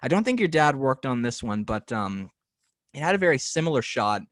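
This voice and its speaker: A man's voice: mid-range voice, very animated, brisk, fairly bright tone, dry recording. A man hosting a podcast interview over a video call, telling stories in a rambling way with lots of ums and small laughs. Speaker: podcast host. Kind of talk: casual interview chat.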